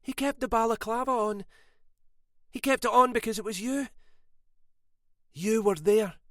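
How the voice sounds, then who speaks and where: A woman's voice: fairly high pitch, measured pace, fairly bright tone, no echo, studio quality, voice pushed up. A man voicing a fragile, frightened young wife who pleads and panics. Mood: distraught.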